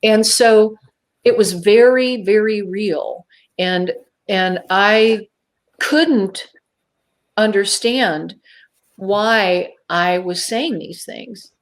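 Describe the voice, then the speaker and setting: Woman, talk-show guest; vivid, emphatic storyteller; dramatic pauses, acts out her inner voices. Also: mid-range voice.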